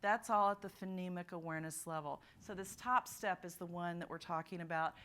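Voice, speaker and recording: This woman's voice sits lowish, with a steady, clear, resonant tone that's a bit bright and a little fast. Presenting a teaching workshop at a teachers' literacy conference in a conference room, she walks through examples and voices sounds and words as models.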